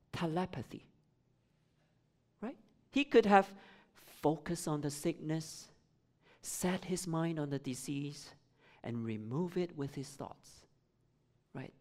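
A preacher with a higher man's voice. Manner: rhetorical questions, rising emphatic build-ups. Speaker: pastor. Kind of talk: sermon.

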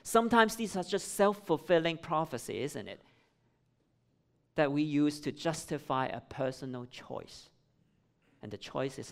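A preacher with a higher man's voice. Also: expressive, unhurried, gravelly, long pauses, a bit bright. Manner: rhetorical questions, rising emphatic build-ups. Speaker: pastor. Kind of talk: sermon.

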